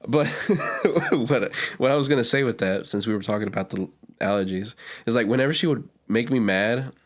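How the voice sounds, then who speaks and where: A man co-hosting a podcast in casual chat, telling a lively story and acting out the people in it. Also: medium pitch, normal speed. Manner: animated storyteller, acts out quotes with loud yelps. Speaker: podcast co-host; restaurant server.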